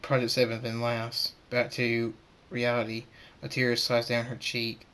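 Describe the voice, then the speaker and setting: A man reading an amateur fan story aloud in a middling voice. He reads in a halting way, with frequent stammers and restarts. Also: mid-range voice, monotone, fairly bright tone. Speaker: narrator.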